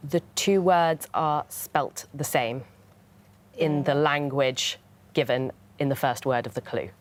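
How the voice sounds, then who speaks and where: Woman, quiz contestant, low pitch, eager, thinking aloud. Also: takes it slowly, faint music behind. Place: TV studio.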